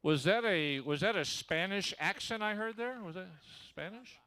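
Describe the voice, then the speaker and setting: Folksy event announcer, man, slightly high voice, smooth and dry. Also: expressive, normal speed, bright, forceful tone, no echo. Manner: folksy, joking, gives instructions. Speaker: announcer introducing drivers. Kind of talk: event announcing over a microphone. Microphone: handheld microphone.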